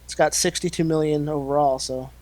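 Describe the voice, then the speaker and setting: A man's voice: a little high, fairly even intonation, a little fast, darkish tone. A man co-hosting a podcast in easygoing casual chat, reading out box office rankings. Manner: easygoing, reads figures out.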